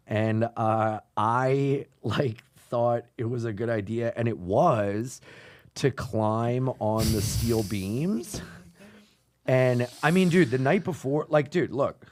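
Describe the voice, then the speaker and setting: A man's voice: mid-range voice, takes it slowly. A man, a comedian, telling stories in a casual podcast chat, often swearing. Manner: animated, swears, voice rises when excited. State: out of breath when retelling.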